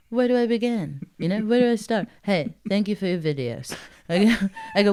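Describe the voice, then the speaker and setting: A woman's voice: mid-range voice, lively intonation, a little fast, hardly any pauses, darkish tone, smooth. A woman from Texas, a comedian chatting as a guest on a podcast, rambling and self-deprecating, often laughing. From Texas, USA. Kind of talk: casual podcast chat.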